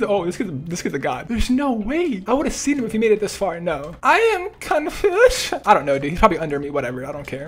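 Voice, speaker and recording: A man's voice: high voice, fairly bright tone, slightly rough. A young man giving live gameplay commentary, joking, trash-talking opponents and laughing often. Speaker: gaming YouTuber.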